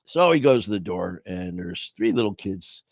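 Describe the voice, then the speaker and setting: Man, livestream host, low voice, dry close sound, rambling, joking, casual chat. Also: expressive, normal speed, creaky, no room sound. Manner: rambling, joking, many fillers.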